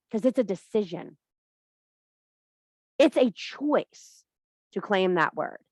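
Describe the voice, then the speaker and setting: Woman, workshop host, profane and blunt, swooping lively voice, dry close sound. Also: a little high, no room sound. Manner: profane, blunt, theatrical, laughs often. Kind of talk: fiery informal workshop talk.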